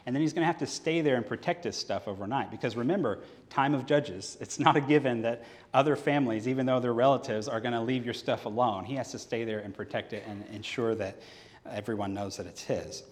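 A man's voice: medium pitch, brisk. A man preaching a sermon on a microphone in a church sanctuary during a service, telling a scripture story and acting out its dialogue. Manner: animated storyteller who acts out the scripture dialogue. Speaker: pastor. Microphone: handheld or headset microphone. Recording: reverberant church hall.

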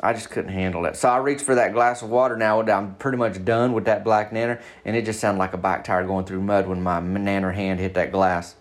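Folksy man telling a tale. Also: on the low side. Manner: folksy drawl, slow deadpan spelling-out. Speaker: storyteller. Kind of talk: comic rural storytelling.

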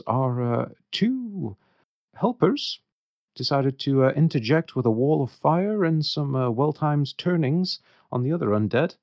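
A man's voice: on the low side, creaky, dry recording. A man, hosting a podcast as dungeon master and recapping the last session with frequent hesitations. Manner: hesitant, lots of uh fillers. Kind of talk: recapping a tabletop game session. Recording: dull, slightly lo-fi podcast audio.

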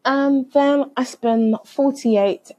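A woman's voice: high voice, extremely slow, darkish tone, no room sound, low-quality recording. A woman casually telling a story from her travels, acting out both sides of the conversation.

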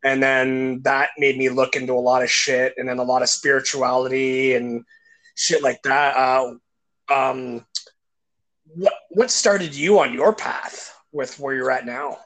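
Bright-voiced man in his forties. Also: mid-range voice, steady tone, unhurried. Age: 40s. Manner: loose, profane, filler-heavy. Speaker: host. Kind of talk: casual conversation.

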